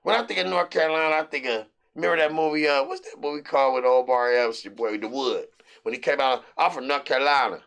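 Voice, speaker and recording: Middle-aged American man, betting-show host: raspy, forceful tone, loose rambling hype delivery. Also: medium pitch, quick pace. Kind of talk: casual sports picks monologue.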